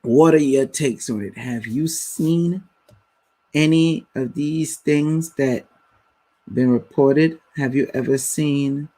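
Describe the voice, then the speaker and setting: A man's voice: a little high, takes it slowly, warm tone. A man hosting a live stream, talking bluntly and casually to his viewers in slang. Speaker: livestream host.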